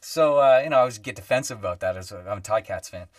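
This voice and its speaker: A man's voice: lowish voice, racing, no room sound, clean studio sound, far from the mic. A man, a guest musician, telling stories in casual podcast chat, acting out quoted voices with lots of fillers. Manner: animated storyteller, acts out quoted voices, many fillers.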